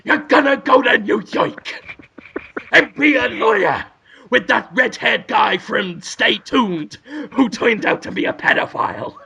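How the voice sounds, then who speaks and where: Guy doing a gruff loud lawyer, breathy, hollering, pitched up from his normal voice. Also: expressive, unhurried, full character voice. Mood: blustering. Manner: shouty, breathy, exclaiming. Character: gruff loud hooting older male lawyer.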